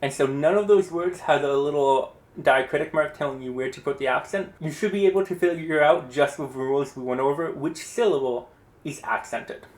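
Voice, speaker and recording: A man with a voice a bit higher than most explains language rules in a relaxed, chatty, encouraging way. His casual lesson is recorded in an echoey room. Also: a little fast. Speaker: Spanish teacher.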